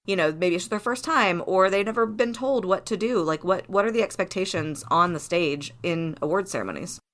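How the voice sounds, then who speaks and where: A woman's voice: fairly low pitch, brisk, fairly bright tone. A woman co-hosting a podcast, asking guests questions in a conversational way. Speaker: podcast co-host. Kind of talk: casual podcast chat.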